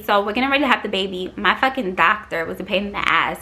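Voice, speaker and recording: Bright-voiced New woman telling a story. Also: medium pitch, lively intonation, quick pace, hardly any pauses. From Queens, New York. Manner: chatty and frank, peppered with swearing and fillers. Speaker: vlogger. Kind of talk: casual story time.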